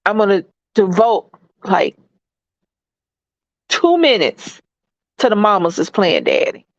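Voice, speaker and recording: A woman's voice: medium pitch, slow, no echo. A middle-aged woman hosting a vlog, chatting casually and laughing to her viewers. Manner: lively, laughing, African American Vernacular grammar. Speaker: vlog host. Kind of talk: casual chat to camera. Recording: dull lo-fi sound, dry room.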